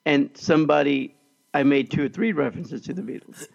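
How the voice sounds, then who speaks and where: A man's voice: a little high, fairly quick, vocal fry, muffled recording. A middle-aged man hosting a casual chat, talkative, often checking in with "right?". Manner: chatty, keeps asking "right?". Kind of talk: casual conversation.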